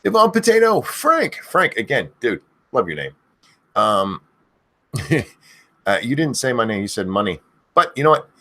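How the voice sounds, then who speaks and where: Loud, name-yelling man streaming live. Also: lively intonation, unhurried, long pauses. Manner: shouts viewers' names in high bursts between rambling talk; crude, swearing. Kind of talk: casual live-stream chat.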